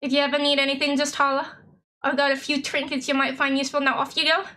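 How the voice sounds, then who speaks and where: A hearty old sea-dog skipper welcoming a newcomer to port, full of sailor slang and folksy sayings, as a woman puts him on for a game. His voice is cheerful and chuckling, a touch lower and rounder than an everyday speaking voice. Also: flat delivery, fast talker, pushed and bright. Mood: jolly.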